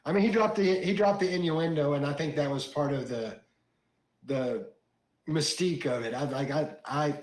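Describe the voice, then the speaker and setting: A man's voice: a little high, normal speed. A man hosting a podcast in casual chat, conversational with plenty of fillers. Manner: conversational, lots of "you know" fillers. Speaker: podcast host. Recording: roomy echo.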